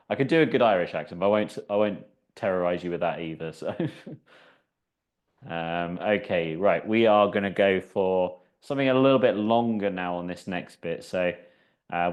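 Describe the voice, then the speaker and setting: A man leading a seated exercise class as the instructor, chatty and encouraging, counting down each round. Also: deep voice. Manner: chatty, encouraging, counts down out loud, laughs at himself. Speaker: fitness instructor.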